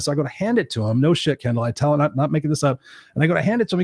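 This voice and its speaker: A man telling a personal story in casual chat, animated and acting out the voices of the people he quotes. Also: a little high, rapid-fire, slightly rough, no room sound, clean studio sound. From Southern California. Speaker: host.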